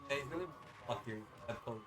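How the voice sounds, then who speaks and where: A man from Donegal co-commentating a game, making quiet, dry asides. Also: mid-range voice, expressive, fast talker, faint music behind. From Donegal, Ireland. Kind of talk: casual live commentary.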